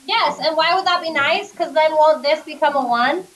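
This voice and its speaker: A high-pitched woman teaches a classroom math lesson, quizzing her students and guiding them through each step. Her voice is picked up from a distance in the classroom. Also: moderate pace, a bit bright, roomy sound. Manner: questioning, coaxing students step by step. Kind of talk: classroom lecture.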